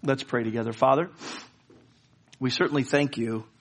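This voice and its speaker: A man's voice: mid-range voice, fairly even intonation, normal speed, a little hiss or hum. A man preaching a sermon, telling a story and rising to fervent pleas. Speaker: pastor.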